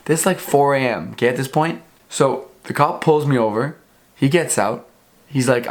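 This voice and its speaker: A man's voice: mid-range voice, moderate pace. Young man telling a story. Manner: animated, swears freely, acts out both sides of the exchange. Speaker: vlogger. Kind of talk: casual storytelling.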